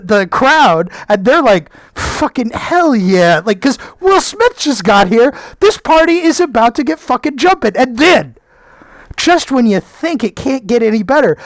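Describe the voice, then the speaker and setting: Profane male movie reviewer, sarcastic ranter, swings loud to low; dry close sound. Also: no echo. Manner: excitable, sarcastic, swears freely, jumps between shouting and muttering. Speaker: film reviewer.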